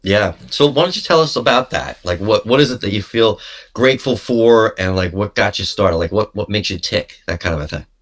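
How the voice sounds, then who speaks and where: A man's voice: on the low side, brisk, a bit bright. A man hosting a podcast, asking loose, rambling questions in a casual tone. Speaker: podcast host. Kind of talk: casual interview.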